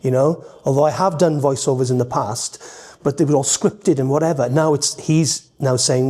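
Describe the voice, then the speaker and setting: A Welsh man telling lively stories as a guest, animated and quick to slip into voices. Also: medium pitch. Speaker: entertainer guest. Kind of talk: casual storytelling.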